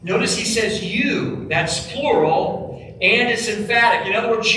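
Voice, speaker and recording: A man preaching a sermon as pastor, emphatic, dropping low and quiet on key phrases. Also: measured pace, slight background noise. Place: church sanctuary. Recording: echoey church hall, mic from a distance.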